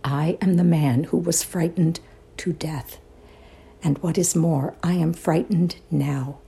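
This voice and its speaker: A woman voicing the sad, frightened ghost of a young man, speaking slowly and quietly in a mournful tone. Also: low-pitched, steady tone, creaky, slightly rough, full character voice.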